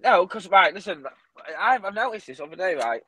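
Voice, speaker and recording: A man's voice: sits high, expressive, brisk, sharp tone, husky, poor audio. A man who fights, in a casual chat, blunt and swearing often with frequent laughs.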